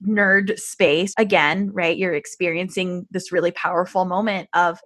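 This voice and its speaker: A woman's voice: lowish voice, steady tone, moderate pace, few pauses, fairly bright tone, no room sound, clean studio sound. A woman hosting a podcast, asking reflective questions about her guest's experiences. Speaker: podcast host. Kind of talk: interview questions.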